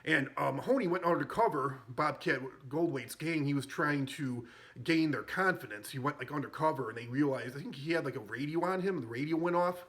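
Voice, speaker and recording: Rambling man with a bright voice. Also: on the high side, brisk. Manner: rambling, with many fillers and restarts. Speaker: film reviewer. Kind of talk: casual film recap.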